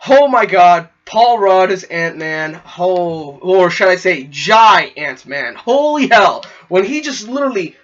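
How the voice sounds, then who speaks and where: High, bright, excitable young man. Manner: gushing and animated, full of fillers and quick acted-out quotes. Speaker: movie reviewer. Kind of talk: excited spoiler movie review. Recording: dull lo-fi recording.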